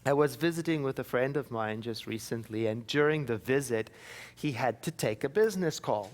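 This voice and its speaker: A man's voice: medium pitch, expressive, normal speed. A man giving a sermon as minister, telling personal stories with wry, self-mocking humor. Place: church.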